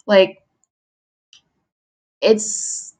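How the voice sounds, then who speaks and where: A woman's voice: drawn-out words, mellow. A young woman streamer chatting on her own in a casual, rambling way, drifting onto tangents with small laughs. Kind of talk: casual solo chat.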